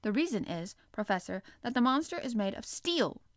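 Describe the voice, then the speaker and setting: A woman's voice: fairly high pitch, big pitch swings, moderate pace, no echo, clean studio sound. A woman reading the part of a bold, determined male harpooner with a blunt, matter-of-fact delivery.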